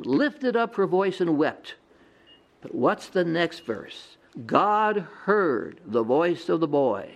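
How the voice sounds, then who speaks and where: A man teaching a Bible lesson as a sermon, asking his audience rhetorical questions. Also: high-pitched.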